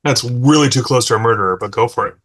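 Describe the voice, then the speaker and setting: A man running a tabletop game as game master, in relaxed, joking table chat that now and then turns profane. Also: mid-range voice, fast.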